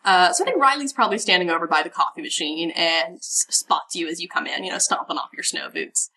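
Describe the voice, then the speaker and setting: A woman narrating as game master of a tabletop role-playing game in a relaxed, chatty way. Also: on the low side, quick pace, distant mic.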